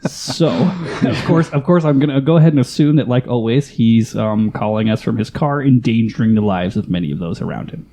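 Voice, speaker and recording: Gravelly, irreverent male podcast host. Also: mid-range voice, fairly quick, hardly any pauses, dark tone. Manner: irreverent, profane, joking. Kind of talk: casual comedic podcast banter.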